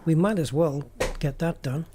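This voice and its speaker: A man's voice: on the high side, normal speed, background noise. A man hosting a gaming channel, chatting casually and thinking aloud as he plays. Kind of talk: casual gameplay commentary.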